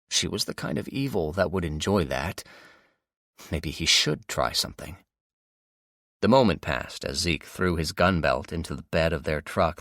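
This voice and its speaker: A man narrating an audiobook in steady, dramatic storytelling. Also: rumbling low, no echo, studio quality. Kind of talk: scripted narration.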